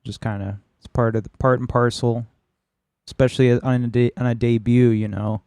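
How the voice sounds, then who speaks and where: A man's voice: medium pitch, level tone, normal speed, warm tone, clean tone, dry recording. A man co-hosting a horror film podcast, opinionated and wry, swearing casually as he talks. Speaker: podcast co-host. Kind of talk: casual chat.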